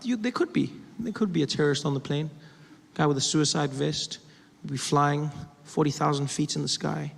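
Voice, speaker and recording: A man's voice: fairly high pitch, moderate pace, vocal fry, husky. A male stand-up comedian telling a story in a conversational, self-deprecating way, often stopping to restart a sentence. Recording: reverberant live hall with audience noise.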